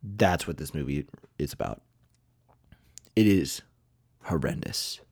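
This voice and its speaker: A man's voice: extremely low pitch, expressive, takes it slowly, gravelly, darkish tone, breathy edge, dry recording, studio quality. A man hosting a podcast, giving blunt, profane, rambling movie reviews with lots of fillers. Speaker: podcast host. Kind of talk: casual movie review ranking.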